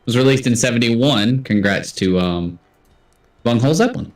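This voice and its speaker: A man's voice: mid-range voice, expressive, moderate pace, reverberant, recorded from a distance. A man hosting a casual livestream trivia game, chatty and self-deprecating as he reads out answers. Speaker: trivia host.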